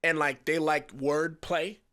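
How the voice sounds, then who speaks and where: A man in his thirties from South Florida, a guest actor telling casual, animated stories full of slang and acted-out quotes. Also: a little high, slow. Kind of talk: casual storytelling chat.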